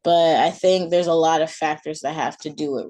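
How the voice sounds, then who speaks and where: A woman reads her own short story aloud, soft and calm. Her voice is on the low side for a woman, with an unhurried, gentle delivery. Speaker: author and storyteller.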